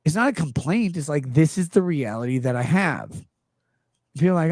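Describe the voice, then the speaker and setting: A man in his thirties with a high, animated voice hosts a casual live-stream chat at a normal speed. He explains himself at length, earnest and defensive, in clean studio sound with no echo.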